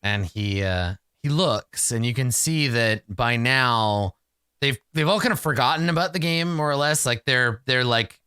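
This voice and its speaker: A man running a tabletop game as game master, narrating in a casual, halting way with many fillers. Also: medium pitch, pushed and bright, smooth, dry recording, clean studio sound.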